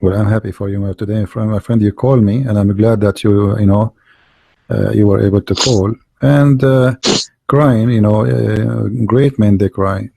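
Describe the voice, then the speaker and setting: A man's voice: fairly low pitch, fairly even intonation, moderate pace, creaky, mellow, no echo. A man hosting a casual online debate call, hesitant and repeating words, turning confrontational about his opponents.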